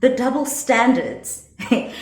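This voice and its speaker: A young woman with a South African accent tells her story in a sassy, animated way, tossing in Zulu slang. Her voice sits on the high side. It rings in an echoey room. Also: takes it slowly. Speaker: vlogger. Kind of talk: storytime vlog.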